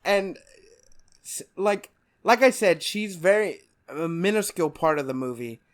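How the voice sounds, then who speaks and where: A man's voice: high-pitched, lively intonation, a little slow. Man rambling about a film. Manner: rambling, laughing often. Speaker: podcast co-host. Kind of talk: casual film discussion.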